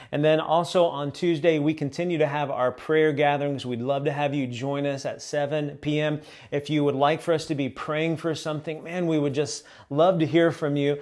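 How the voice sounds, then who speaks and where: Conversational pastor man, slightly high voice. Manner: conversational, with frequent fillers. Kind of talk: live-streamed sermon and announcements. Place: church stage.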